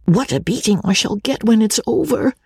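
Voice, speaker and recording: A woman's voice: fairly high pitch, lively intonation, normal speed, creaky, a little mellow, slightly rough, no room sound, studio quality, voice pushed up, full character voice. A woman voicing a small, well-bred young schoolboy in an audiobook, with an eager manner. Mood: timid. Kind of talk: audiobook reading.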